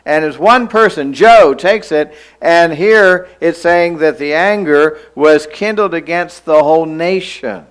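A man preaching a sermon in a church, emphatic, slowing down to stress key lines and having the listeners repeat phrases after him. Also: fairly high pitch, clean tone, rough recording.

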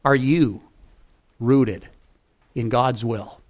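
A middle-aged male pastor preaching a sermon, swinging between loud emphasis and soft low asides and reading scripture in a slow, old-fashioned cadence. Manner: reads scripture in slow King James cadence.

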